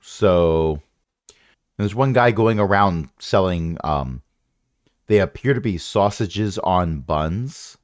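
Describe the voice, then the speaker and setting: A man's voice: deep voice, lively intonation, slow, no echo, studio quality. A man running a tabletop game as game master, rambling and correcting himself with wry asides.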